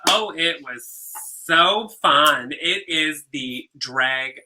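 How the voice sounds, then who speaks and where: A man co-hosting a casual drag show review, recapping with animated, giggly energy. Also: on the high side, very slow, poor audio. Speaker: drag queen co-host. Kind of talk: casual chat.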